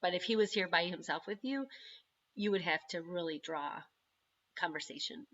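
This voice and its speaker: Bright-voiced mother chatting over video call. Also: on the low side, normal speed, highs cut off. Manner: chatty, animated storytelling with frequent laughs. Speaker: parent of an autistic son. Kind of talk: casual video-call chat. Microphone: computer microphone on a video call.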